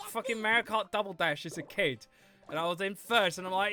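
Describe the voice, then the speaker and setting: A man's voice: high-pitched, normal speed, sharp tone, soft background music. A young man livestreaming a game, chatting casually with his viewers, rambling and swearing freely. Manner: rambling, swears freely, reads chat aloud. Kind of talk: casual gameplay stream chat.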